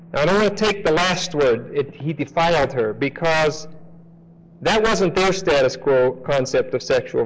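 A man teaching a sermon through a scripture passage in a conversational way. He often checks in with the audience and slows down to stress key phrases. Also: mid-range voice, low-quality recording. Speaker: Bible teacher. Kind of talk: expository sermon.

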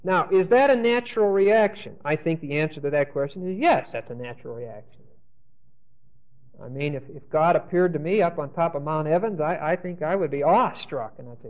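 A man's voice: a little high, expressive, fairly quick. A man teaching a Bible class, thinking aloud with restarts and often checking in with "Okay?". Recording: dull lo-fi recording.

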